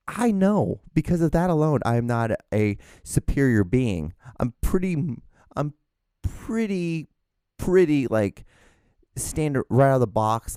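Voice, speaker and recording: A man's voice: mid-range voice, mellow, smooth, dry recording, clean studio sound. A man hosting a solo podcast, rambling casually and mocking himself, swearing freely and acting out both sides of his conversations. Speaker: podcast host.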